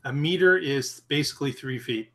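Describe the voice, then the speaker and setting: A man's voice: on the high side, moderate pace, sharp tone. A man co-hosting a podcast, explaining news in casual chat and laughing easily. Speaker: podcast co-host.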